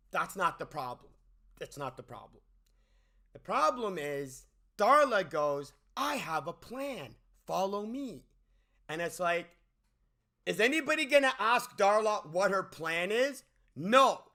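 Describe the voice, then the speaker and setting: A man's voice: high-pitched, bright, forceful tone. A man giving an exasperated, ranting movie review, often stumbling and repeating words as he restarts. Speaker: movie critic.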